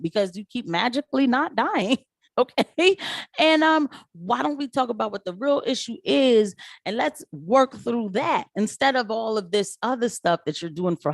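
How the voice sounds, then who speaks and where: A woman talking straight to her viewers about her work as a nurse, in a casual, animated way. She tells her stories with quick put-on voices for the people she quotes. The sound is close and dry, with no room echo. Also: medium pitch. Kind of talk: casual commentary vlog.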